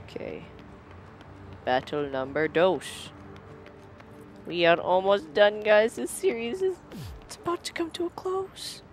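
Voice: medium pitch, lively intonation, slow pace, long pauses, soft background music. A gameplay commentator giving casual let's-play commentary in a playful, silly, jumpy way.

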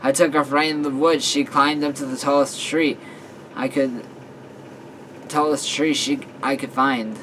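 Brief: man reading a story aloud, casual and halting, bright forceful voice with faint room hum. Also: medium pitch, fairly even intonation, poor audio. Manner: halting, with fillers and self-corrections. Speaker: story reader.

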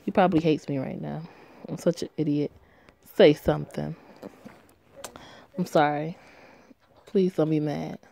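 A woman reading aloud as a troubled young woman who blames herself, in a flat, low-key way. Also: a little slow, creaky, long pauses, a little hiss or hum. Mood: despairing. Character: troubled young woman, despairing and self-blaming. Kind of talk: reading a story game aloud.

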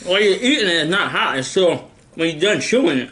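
A man's voice: high voice, big pitch swings, quick pace, pushed and bright. A man vlogger in casual chat, competitive and counting down the time in an eating challenge. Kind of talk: casual chat during a hot wing challenge.

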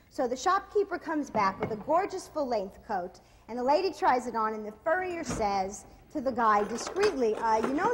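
A woman co-hosting a comic cooking show in a studio kitchen, teasing her partner and reading jokes aloud in a drawn-out way. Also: on the high side, lively intonation. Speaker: co-host. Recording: hall reverb with faint noise.

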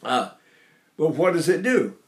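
Lively older male voice teacher. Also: on the high side, a little slow. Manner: animated, digressive, demonstrates vocal sounds. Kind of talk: singing lesson with sung demonstrations. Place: Seattle area.

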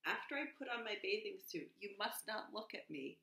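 A fussy, bashful male toad from a children's storybook, talking in a plaintive, slow way, as a woman reads him aloud. The voice has a gravelly edge and swoops up and down, and it rings in an echoey room. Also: medium pitch, expressive, bright, forceful tone. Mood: fretful.

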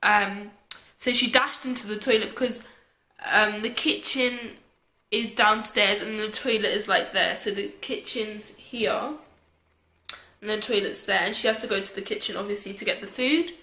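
Bright chatty young woman. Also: mid-range voice, steady tone, moderate pace, echoey room. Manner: chatty, lots of fillers. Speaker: vlogger. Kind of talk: casual storytime.

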